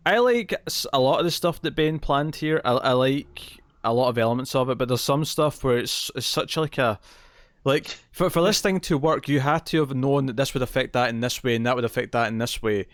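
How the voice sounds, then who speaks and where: A man's voice: medium pitch, a little fast, no echo, clean studio sound. A man co-hosting a comics podcast who chats casually, laughs often and argues with energy. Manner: animated, laughs often, quotes movies. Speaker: podcast co-host. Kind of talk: casual chat.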